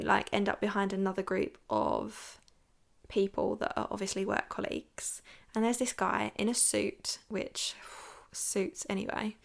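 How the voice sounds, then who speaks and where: A young woman tells a dating story on her podcast, loose and candid. Her voice sits in the middle of the range and keeps dropping into a creaky, gravelly fry. She fills her sentences with "like" as she goes. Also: medium pitch. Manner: chatty, frank, lots of "like". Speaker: podcast host. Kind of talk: storytelling chat.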